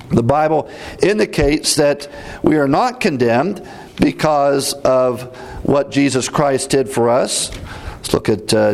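A man teaching through Bible verses in a deliberate, emphatic way, repeating references as he goes. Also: a little high.

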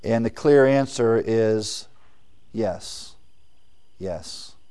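A man preaching a sermon and teaching scripture verse by verse. He asks his listeners questions and answers them himself, leaning hard on key words and then dropping to quiet asides. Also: lowish voice, very slow, smooth. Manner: emphatic, swings between loud stresses and quiet asides.

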